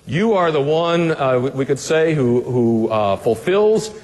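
A man's voice: medium pitch, lively intonation, unhurried, darkish tone, in a large hall. A man as pastor teaching a Bible passage in a conversational sermon, putting rhetorical questions to the listeners in a casual way with fillers.

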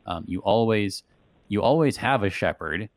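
Deep-voiced pastor hosting a radio show. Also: male voice, animated, normal speed, no room sound. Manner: conversational, frequent "right?" tags. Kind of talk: casual theological discussion.

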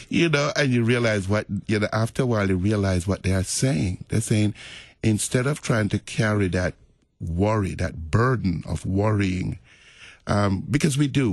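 A middle-aged man, a pastor, talking about faith in a relaxed, reflective, storytelling way. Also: lowish voice, a little slow, no room sound, clean studio sound. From Jamaica. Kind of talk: casual faith conversation.

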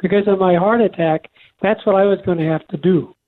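Older male co-host calling in, earnest and halting, tinny phone sound. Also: high voice, fairly even intonation. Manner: earnest, halting with many restarts. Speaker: radio show co-host. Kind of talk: conversational faith talk.

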